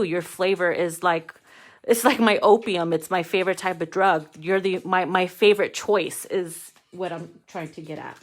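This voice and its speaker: A woman doing a casual tarot card reading, frank and playful, swearing freely, calling her viewers darling, and slowing down to read card text aloud. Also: lowish voice.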